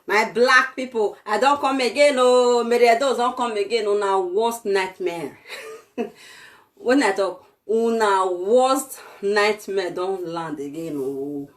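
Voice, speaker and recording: A woman's voice: mid-range voice, natural voice. A Nigerian woman doing a comic impression of an arrogant, self-styled "lady of truth" who rants scornfully at her audience. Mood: taunting. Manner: mocking, scornful ranting with laughs.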